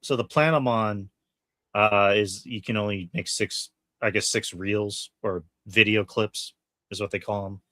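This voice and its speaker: A man's voice: lowish voice, fairly even intonation, unhurried, a bit bright, no echo. A man hosting a casual podcast, rambling along with plenty of fillers and restarts. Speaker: podcast host.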